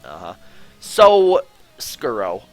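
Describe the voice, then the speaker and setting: A male host chatting loosely on an online call, his pitch bouncing up and down as he rambles. He swears freely and restarts his sentences often. A faint bed of music plays under him. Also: huge pitch swings, very slow. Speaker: podcast host. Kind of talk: casual chat on a call.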